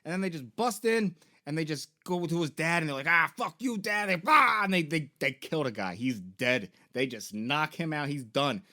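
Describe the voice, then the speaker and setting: A man's voice: fairly high pitch, expressive, moderate pace, bright, forceful tone. A man, a video game store founder, retelling a game's story in a rambling, profane, joking way.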